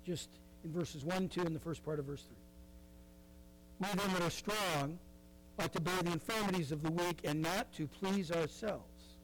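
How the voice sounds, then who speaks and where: A man's voice: a little high, moderate pace, slight background noise, rough recording. A middle-aged man preaching a sermon in a conversational way, with frequent asides and fillers. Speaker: pastor.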